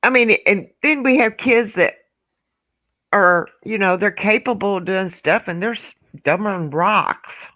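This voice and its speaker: Bright-voiced woman telling stories. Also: medium pitch, measured pace, dry recording. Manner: animated storyteller, acts out voices. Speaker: trivia night participant. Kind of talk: casual chat, telling a funny story.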